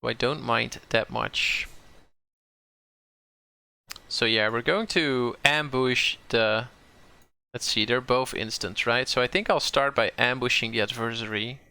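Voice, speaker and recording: A man's voice: mid-range voice, a little slow, pauses often, bright, forceful tone, clean tone. A man from the southern Netherlands with a Dutch accent, thinking aloud as he plays and streams a card game, often repeating words as he corrects himself.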